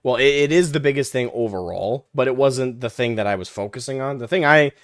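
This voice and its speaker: A man's voice: mid-range voice, fairly quick, no room sound, studio quality. A man hosting a casual livestream chat, rambling, swearing and laughing often. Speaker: livestream host and podcast co-host.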